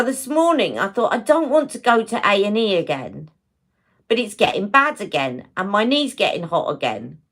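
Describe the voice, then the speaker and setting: A woman hosting a casual beauty livestream, chatting warmly and greeting viewers by name as she talks. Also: mid-range voice. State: emotional, close to tears.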